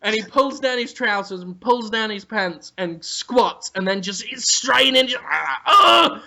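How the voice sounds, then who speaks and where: A man co-hosting a comedy podcast, telling an absurd, crude story in an animated way. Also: sits high, a little slow. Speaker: podcast co-host.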